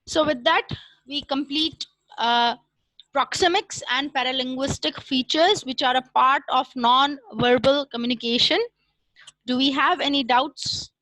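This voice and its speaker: A woman giving an online class lecture in a measured, explanatory way, with frequent fillers, into a computer mic. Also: high voice, bright, forceful tone, dry recording, poor audio.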